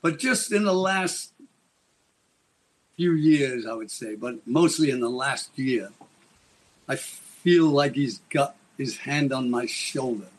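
Husky man spinning a dramatic tale. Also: mid-range voice, slow pace. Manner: dramatic, rambling storyteller. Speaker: guest. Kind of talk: storytelling in an interview.

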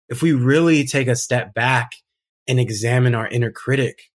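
A man talking as a podcast guest in casual conversation, earnest and emphatic, reflecting at length. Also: medium pitch.

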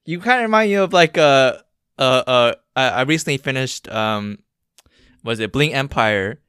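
Smooth, lively man joking on a podcast. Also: medium pitch, normal speed, no echo, studio quality. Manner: joking, animated, sings a mock apology song. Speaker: podcast co-host. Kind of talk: casual chat.

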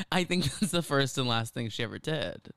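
Recorded dry with clean studio sound, this podcast co-host has a mid-range, unhurried, clean-toned voice. He's an animated, giggly storyteller who keeps cracking up as he chats casually.

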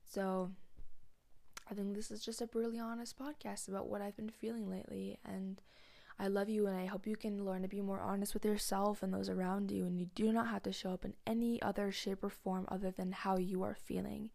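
A young woman hosting a podcast, talking in a candid confessional monologue, blunt and profane, rambling and often sinking to a soft near-whisper. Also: medium pitch, flat delivery, fairly quick, creaky. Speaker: podcast host.

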